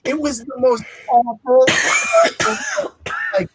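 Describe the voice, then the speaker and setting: A person casually telling a school story on a live stream, halting with many restarts. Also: high-pitched, steady tone, noisy background. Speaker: comic shop podcast co-host.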